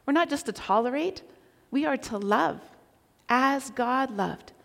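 A woman preaching a sermon, telling a personal story with animated delivery and occasional shouted quotes. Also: sits high, measured pace, creaky. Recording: long reverb of a large hall.

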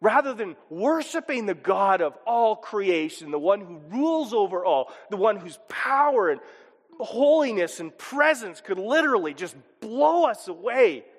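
A male pastor preaches with a high, lively voice that rises and dips as he talks. He acts out little voices and chuckles along the way. His words ring with the long reverb of a large auditorium. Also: measured pace. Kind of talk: sermon.

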